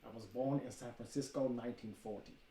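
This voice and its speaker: A man putting on a calm, philosophical male martial arts master, quoting him slowly and deliberately. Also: medium pitch, natural voice. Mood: measured. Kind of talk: casual impression in podcast chat. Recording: roomy room, faint noise.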